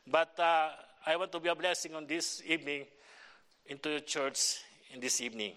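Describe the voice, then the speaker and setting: A middle-aged man with a Filipino accent preaching a sermon in halting English, with many fillers and restarts. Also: a little high, bright, forceful tone. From Philippines. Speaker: visiting pastor. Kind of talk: church sermon and prayer request.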